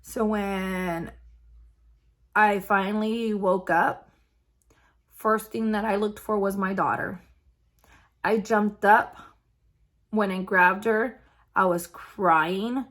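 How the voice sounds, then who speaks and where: A woman recounting her own story in a casual vlog. She talks in a halting, unpolished way, stopping to restart and filling gaps with small hesitations. Her voice sits at an ordinary middle pitch. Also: steady tone, a bit bright. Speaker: vlogger.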